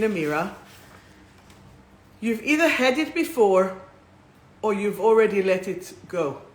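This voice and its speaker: A woman hosting a live-streamed spiritual talk, speaking into two phones in a warm, rambling, emotional way. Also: mid-range voice. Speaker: spiritual healer and host. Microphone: two phones streaming at once. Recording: roomy echo.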